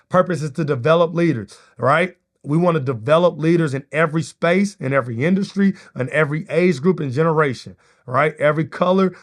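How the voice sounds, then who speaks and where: Upbeat podcast host, slightly high man. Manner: casual, energetic, keeps asking "right?". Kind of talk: motivational solo podcast talk.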